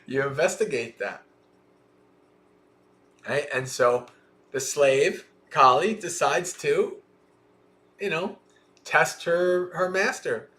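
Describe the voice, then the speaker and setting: A man reads a Buddhist scripture slowly and stops often to explain it, thinking aloud with fillers. His voice sits a little high for a man and never hurries. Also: bright, forceful tone. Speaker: Dhamma teacher. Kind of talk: sutta reading with commentary. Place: livestream.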